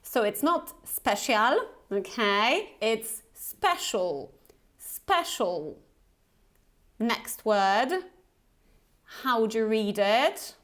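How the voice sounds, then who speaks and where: A woman with a light Polish accent teaching English pronunciation, slowly modelling each word twice for the learner to repeat. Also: a little high, animated, fairly bright tone. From Poland. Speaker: Business English pronunciation trainer. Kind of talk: pronunciation lesson with repeat-after-me drills.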